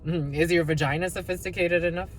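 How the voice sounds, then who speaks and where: A woman's voice: lowish voice, fairly even intonation, fast talker, a little hiss or hum, low-quality recording. A woman doing a casual tarot energy reading, blunt and profane, with sing-song asides and mocking voices.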